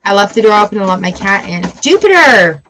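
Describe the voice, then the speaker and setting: A woman giving a casual tarot reading, chatty and encouraging, with lively outbursts. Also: medium pitch, quick pace, slight background noise, poor audio. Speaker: tarot reader.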